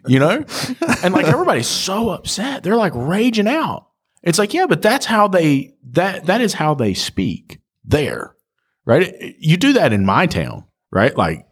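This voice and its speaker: A man's voice: medium pitch, very animated, moderate pace, husky. A man, a podcast co-host and shop owner, telling stories in casual chat and acting out customers' voices.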